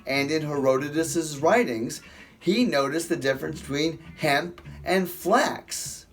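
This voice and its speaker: A man hosting a casual bible study, rambling playfully between jokes and scripture and stretching out words for effect. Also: on the high side. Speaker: host of a bible study show.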